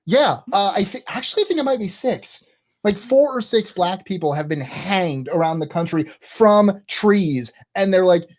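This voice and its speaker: A man's voice: high voice, measured pace. A man co-hosting a live call-in stream, blunt and outspoken, reading chat messages aloud. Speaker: co-host.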